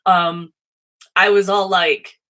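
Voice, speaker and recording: A woman's voice: on the low side, level tone, slow, bright, forceful tone, poor audio. A woman hosting a casual livestream and reading tarot, rambling and chatty and swearing freely. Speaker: host and tarot reader.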